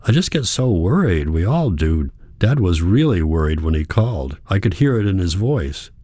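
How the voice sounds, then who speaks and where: A man's voice: low-pitched, big pitch swings, normal speed, mellow, no room sound, studio quality. A man voicing a worried young woman, a university student pleading earnestly with her grandfather.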